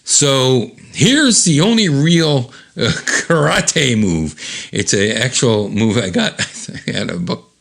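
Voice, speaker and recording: Male host reading a comic aloud with lots of pitch movement and playful character voices. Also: slow, vocal fry. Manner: animated, jumps into high character voices; chuckles at the jokes.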